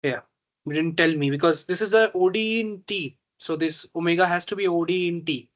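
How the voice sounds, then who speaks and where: A man teaching a reinforcement learning tutorial, slow and halting, often pausing to check that students follow. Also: a little high, fairly bright tone. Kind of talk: online math tutorial.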